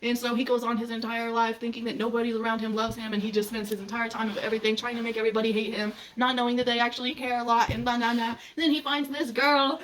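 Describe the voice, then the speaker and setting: A woman's voice: a little high, quick pace, hardly any pauses. A young adult woman gushing and giggling as she rants about books she loves in a casual vlog. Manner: gushing, giggly, animated retelling. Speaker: book vlogger. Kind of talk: excited casual book rant. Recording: slightly distant mic with faint background noise.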